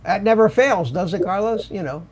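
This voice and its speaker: A man's voice: high voice, moderate pace, a crowd in the background. An older man hosting a hobby livestream over a video call, talking casually and restarting his sentences often. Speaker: livestream host. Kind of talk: casual panel chat.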